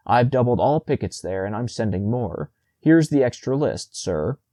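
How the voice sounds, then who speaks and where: A man's voice: medium pitch, expressive, normal speed, warm tone, no echo, studio quality, natural voice. A man reading the part of a chief seraph, a dutiful angel officer, in a formal, reporting manner.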